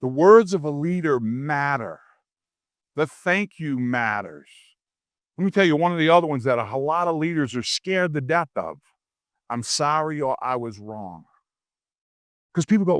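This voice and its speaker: A middle-aged man from Louisiana giving a humorous leadership keynote, a lively storyteller who acts out quoted voices. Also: fairly high pitch, normal speed, long pauses, no echo. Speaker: keynote speaker. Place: conference stage.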